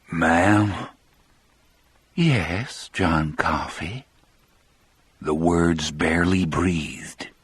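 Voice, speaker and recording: A man narrates an audiobook in a measured, grave way. His voice is very deep and husky, and he takes his time. The recording is dry and close, with no room sound. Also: dry recording. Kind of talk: scripted narration.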